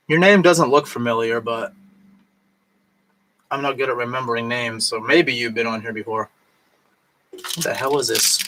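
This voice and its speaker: A man's voice: mid-range voice, bright, forceful tone, slight background noise. A man chatting casually on a live stream while drinking, rambling and tipsy, with lots of fillers and restarts.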